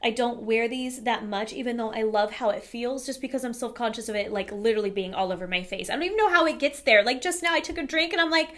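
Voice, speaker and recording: A woman's voice: a little high, quick pace, few pauses, fairly bright tone. A woman vlogger talking to camera in a casual, candid makeup review, chatty with frequent fillers.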